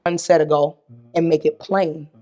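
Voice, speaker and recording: A woman's voice: low voice, steady tone, normal speed, dark tone. A woman guest, a fitness coach, giving encouraging, practical advice in a casual chat. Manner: encouraging, advising.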